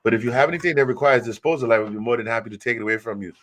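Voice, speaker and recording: A man voicing a pompous, overly formal gentleman who talks in stiff, elaborate wording, pitched well above his own voice. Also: normal speed, background noise, natural voice. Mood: mock-grand.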